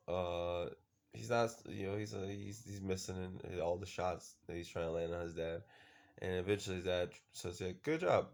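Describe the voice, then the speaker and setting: Low, gravelly-voiced man rambling through a recap. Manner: rambling, filler-heavy, swears casually. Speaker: show reviewer. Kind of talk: casual episode recap.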